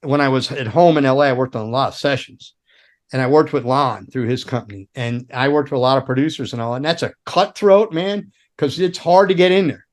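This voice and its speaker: A middle-aged man, a former roadie and guitar tech, telling long rambling stories in casual chat, swearing often and laughing along, jumping into sudden high voices to act out the people in them. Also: fairly quick. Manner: rambling, profane, laughs through his stories.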